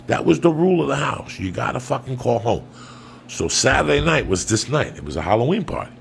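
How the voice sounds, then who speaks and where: A man's voice: mid-range voice, sing-song, a little fast, vocal fry, a little hiss or hum. A man, a comedian and podcast host, telling a long profane story in a rambling, loose way.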